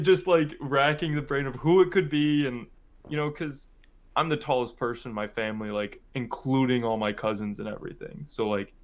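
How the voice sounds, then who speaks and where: A man's voice: mid-range voice, fairly even intonation, moderate pace. A young man from Michigan, co-hosting a podcast, telling a family story in a rambling, casual way full of "like" and "um". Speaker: podcast co-host.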